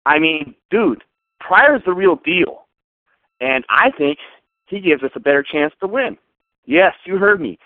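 A man's voice: on the high side, expressive, a little slow, no echo. A man calling in to a show, ranting sarcastically and emphatically as a sports fan. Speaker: caller. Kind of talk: fan call-in rant. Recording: tinny phone line.

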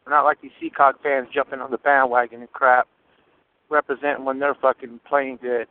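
A man calling a sports show, glum and swearing, with halting filler words. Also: medium pitch, level tone, smooth, no room sound. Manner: glum, mumbling, profane. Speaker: caller. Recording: tinny phone line.

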